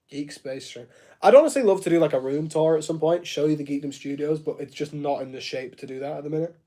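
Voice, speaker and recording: A man with a fairly high voice chats loosely on a live stream, reading out and answering viewers as he goes. He jokes and laughs a lot, and his sentences wander with plenty of "like" fillers. He sounds like he is talking from a home studio room. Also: mellow. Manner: chatty and joking, laughs often, many fillers like "like".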